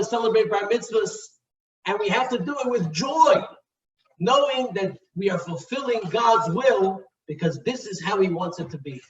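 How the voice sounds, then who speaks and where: A man giving a storytelling sermon at a bar mitzvah in a measured, animated way, heard over an echoey, distant, dull video call. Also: high-pitched.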